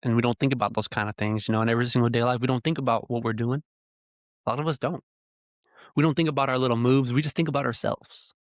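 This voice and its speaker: A man's voice: medium pitch, steady tone, fast, no echo. A man hosting his own podcast, delivering an earnest, heated monologue full of rhetorical questions into a close microphone. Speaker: podcast host. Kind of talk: ranting solo podcast monologue. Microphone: podcast mic close up.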